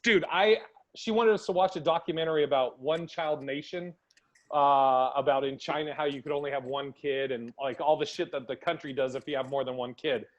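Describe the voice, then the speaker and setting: A man's voice: fairly high pitch, fairly quick, dull audio. A man hosting a podcast, chatting casually and acting out quoted conversations as he tells stories. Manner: animated storytelling, acts out quotes. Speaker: podcast host.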